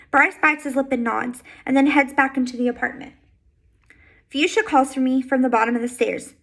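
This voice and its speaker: A woman reading a first-person novel aloud in a soft, steady, intimate way. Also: sits high, moderate pace, rough recording. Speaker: audiobook reader.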